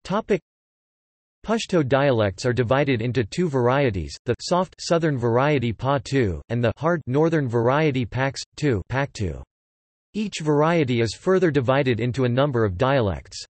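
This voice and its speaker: A man's text-to-speech voice reading an encyclopedia article in an even, mechanical way. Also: medium pitch, normal speed, no echo. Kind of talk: synthetic encyclopedia narration.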